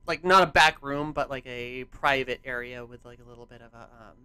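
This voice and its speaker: A man's voice: medium pitch, brisk, pushed and bright, clean tone. A man running a tabletop game as game master, narrating and ruling with many hesitant fillers.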